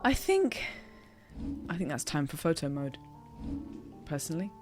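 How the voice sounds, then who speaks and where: A woman giving casual, excitable let's-play commentary, yelling and laughing at the game as she plays. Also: deep voice, unhurried. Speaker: gaming streamer. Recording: game music playing under voice. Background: game music.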